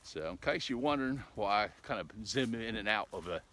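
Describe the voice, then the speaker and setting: Chatty man rambling outdoors, bright voice. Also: lowish voice, expressive, fairly quick, a little hiss or hum. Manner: chatty, folksy, ends with "eh?", puts on a mock English accent. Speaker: vlogger. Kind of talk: casual rambling vlog talk. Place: outdoors on a walk.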